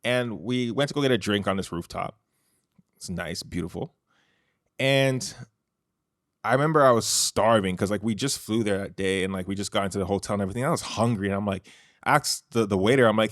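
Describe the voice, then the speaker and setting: A man delivers a loose solo podcast monologue, chatty and restarting often, leaning heavily on "like" and "you know." His lowish voice moves briskly, recorded dry and studio-quality on a close microphone.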